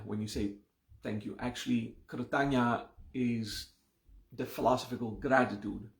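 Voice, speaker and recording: A man's voice: medium pitch, steady tone, gravelly, roomy sound. A man teaching a live online class, patiently explaining word meanings and checking in often with the listeners. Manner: slow, patient explaining with frequent "okay?" checks. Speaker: meditation and mantra teacher.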